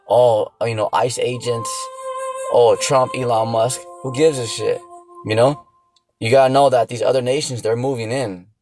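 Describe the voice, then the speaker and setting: A man's voice: medium pitch, a little mellow, low-quality recording. A man preaching off the cuff in a blunt, profane rant. He keeps asking the listener "see that?" and "you know?". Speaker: religious teacher.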